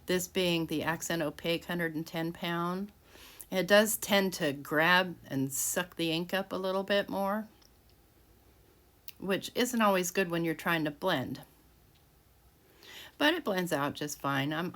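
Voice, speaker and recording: The speaker is a woman with a lowish, fairly bright voice and measured pace, narrating a handmade card's creation step by step. Her casual tutorial comes from a home craft room, and she restarts frequently.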